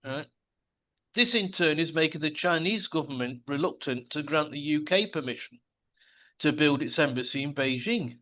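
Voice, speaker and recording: Male co-host, slightly high voice, measured and dry, casual talk show. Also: expressive, pushed and bright, highs cut off. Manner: measured, explanatory, dry wit. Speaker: podcast co-host. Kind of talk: casual discussion.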